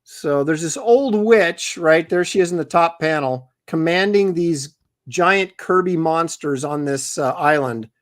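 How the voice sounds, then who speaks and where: A middle-aged man with a fairly high voice, chatting casually on a livestream. He sounds relaxed and talkative, reading out viewer comments as he goes. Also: measured pace. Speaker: comic artist and show co-host.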